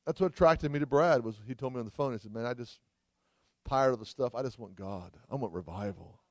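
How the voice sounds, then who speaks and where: A man's voice: medium pitch, fairly quick, no room sound, studio quality. A man preaching a sermon at a church service, fervent, with frequent cries of hallelujah. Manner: fervent, exclaims hallelujah often. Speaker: traveling preacher.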